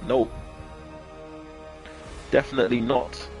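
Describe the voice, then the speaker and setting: A man's voice: mid-range voice, flat delivery, slow pace, darkish tone, soft background music. A man, chatting casually with his chat while playing a game live. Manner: laid-back, slangy banter with chat. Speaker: live-streaming gamer. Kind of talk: casual live-stream commentary.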